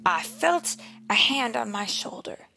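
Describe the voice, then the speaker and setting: Slow, gravelly-voiced mother reading aloud. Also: on the high side. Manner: expressive, slow, drops into whispers. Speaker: mother reading to her child. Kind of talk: reading a picture book aloud. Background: soft guitar music.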